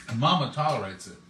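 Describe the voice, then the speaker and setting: A man's voice: mid-range voice, pushed and bright, roomy sound, a little hiss or hum. A man, hosting a live cooking stream and chatting with viewers in a homey, folksy way. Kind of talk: casual chat to viewers.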